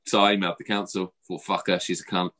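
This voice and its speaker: A man's voice: deep voice, little pitch movement, fast, bright, forceful tone. A British man, a podcast co-host, telling a story in casual chat, swearing freely and acting out the other voices.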